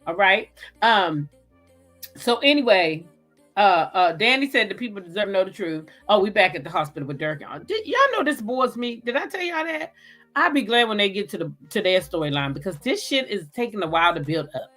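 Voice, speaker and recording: A woman's voice: medium pitch, animated, a little fast, a bit bright, soft background music. A woman hosting a casual livestream recap, chatting loosely, greeting viewers by name and cursing freely. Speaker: host.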